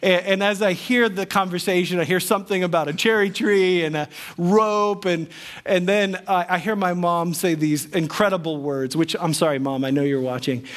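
A middle-aged male pastor gives a sermon through a personal story, his voice sitting a little high. He is chatty and self-deprecating, and he acts out the lines of the people in his tale. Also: fairly even intonation, moderate pace.

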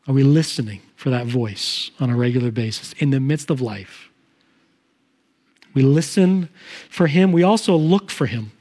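A middle-aged man, a pastor, delivering a sermon in an earnest, conversational way, with frequent restarts. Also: sits high.

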